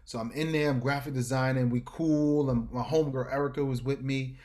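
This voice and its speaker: A man from New York telling stories as a podcast guest, lively, jumping into exaggerated voices when he quotes himself. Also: mid-range voice, a little fast. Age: adult with a school-age son. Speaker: guest artist. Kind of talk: casual storytelling.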